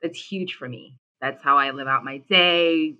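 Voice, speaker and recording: A woman guest in an interview, giving advice in a measured, emphatic way. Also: deep voice, sharp tone, highs cut off. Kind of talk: interview answers.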